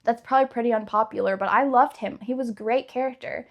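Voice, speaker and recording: A woman's voice: a little high, fast talker, vocal fry. A young adult woman chatting casually and gushing about books she loves, with lots of "like". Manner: chatty, gushing, many likes. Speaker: book vlogger. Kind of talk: casual chat.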